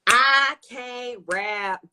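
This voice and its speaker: A woman hosting a casual live stream, playfully hyping up and shouting out her viewers. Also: a little high, very slow, noisy background. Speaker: show host.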